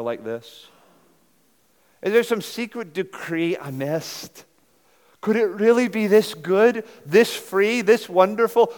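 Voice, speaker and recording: A pastor preaching a sermon earnestly and emphatically, rising to loud insistence and dropping to hushed pleading. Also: male voice, a little high. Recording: long hall reverb.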